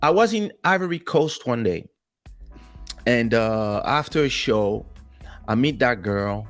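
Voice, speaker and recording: Lively, animated man telling a story. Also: mid-range voice, slow, faint music behind. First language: French. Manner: animated storyteller who acts out other people's voices. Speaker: podcast co-host. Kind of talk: casual podcast chat.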